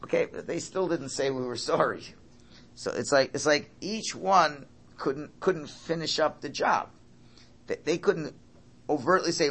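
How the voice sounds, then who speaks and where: A man's voice: a little high, measured pace, a bit bright, husky. A man giving a Torah class lecture, emphatic, often repeating and restarting his phrases. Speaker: Torah teacher.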